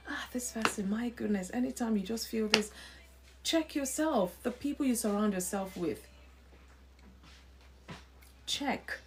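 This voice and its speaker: A woman's voice: mid-range voice, darkish tone, slight background noise. A woman hosting a live stream, giving an earnest faith-based talk. She repeats her points, asks rhetorical questions and greets viewers by name as she goes.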